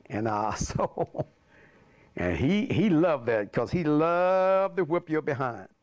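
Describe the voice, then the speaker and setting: An older man from Alabama, a pastor telling stories from his childhood in an animated way, often chuckling. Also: fairly high pitch, slow. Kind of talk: personal storytelling.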